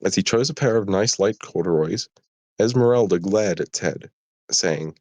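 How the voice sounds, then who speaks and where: A tired British man with a southern English accent reads his own story aloud live, pausing for apologetic asides and chat. His voice is low-pitched and darkish in tone, at normal speed, with no echo.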